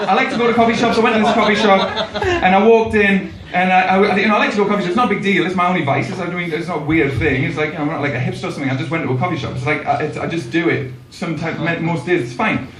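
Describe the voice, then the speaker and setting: A man's voice: high voice, racing, hardly any pauses, recorded from a distance, a crowd in the background. A young man with a Geordie accent doing a rambling, self-deprecating stand-up set at his first gig. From Newcastle, England. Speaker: stand-up comedian. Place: comedy club stage, first gig. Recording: echoey club, recorded from afar.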